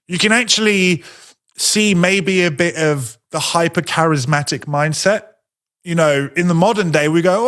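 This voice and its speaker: A man teaching a sermon in a conversational way, asking rhetorical questions and slowing down to stress his points. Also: a little high, a bit bright.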